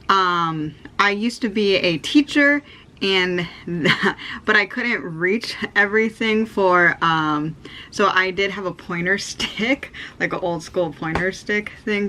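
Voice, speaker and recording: Chatty, bright-voiced American woman. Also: medium pitch, slight background noise. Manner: chatty, upbeat, rambling with many ums. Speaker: sewing vlogger. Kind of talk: casual how-to chat.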